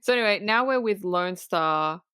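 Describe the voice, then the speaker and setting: A woman's voice: medium pitch, moderate pace, clear, resonant tone, dry recording, studio quality. A woman co-hosting a podcast, casually reviewing a film and eagerly retelling its scenes. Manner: animated retelling, acts out quoted lines. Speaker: podcast co-host.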